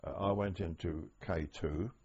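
An older man recalling wartime memories in an oral history interview, speaking haltingly with many restarts. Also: low voice, steady tone, darkish tone, breathy edge. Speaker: interviewee, former prisoner of war. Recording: dull lo-fi archive tape.

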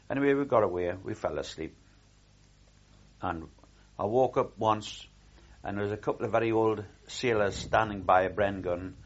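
A man's voice: on the low side, dull audio. An older man recalling his war service in a rambling oral history, with frequent restarts and repeated words.

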